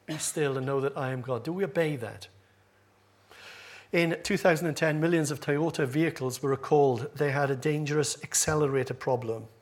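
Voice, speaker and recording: In a church, a male pastor preaches to his congregation with a humorous, self-deprecating manner as the congregation laughs in the background. His voice is fairly high-pitched and brisk.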